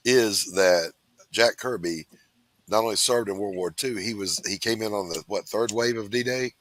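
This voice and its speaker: A man from the Southeastern United States, co-hosting a casual chat, animated and quick to interject. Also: lowish voice, dry recording. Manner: animated, laughs loudly, interjects. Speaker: co-host.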